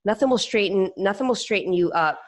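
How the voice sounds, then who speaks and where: A woman's voice: medium pitch, a little fast. A woman hosting a casual chat, enthusiastic and blunt, swearing casually. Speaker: host.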